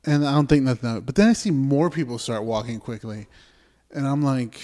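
A man's voice: mid-range voice, expressive, fairly quick, mellow. A young man co-hosting a podcast, telling a story in loose, profane casual chat and acting out what he and others said. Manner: profane storyteller, acts out his own quotes. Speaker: podcast co-host.

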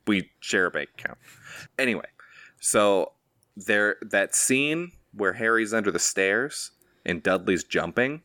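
A man's voice: fairly low pitch, animated, unhurried, pushed and bright, no room sound, studio quality. A man co-hosting a podcast in casual chat, rambling and joking at his own expense. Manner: rambling, self-deprecating, joking. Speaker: podcast co-host.

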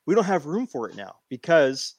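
A man in casual chat, animated and repeating phrases as he tells a long story. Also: fairly high pitch, moderate pace, no room sound. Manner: animated, repeats himself while telling a story.

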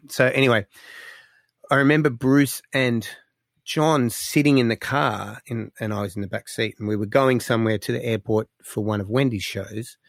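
A man, a musician guest telling stories in a casual interview, animated and full of fillers. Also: mid-range voice, moderate pace, gravelly, dry recording, clean studio sound. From Australia. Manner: animated storyteller, lots of fillers, excitable.

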